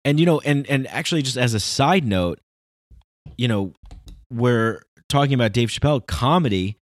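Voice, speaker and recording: A man's voice: mid-range voice, animated, moderate pace, no echo, studio quality. A man talking in a casual, rambling, philosophical monologue with emphatic bursts.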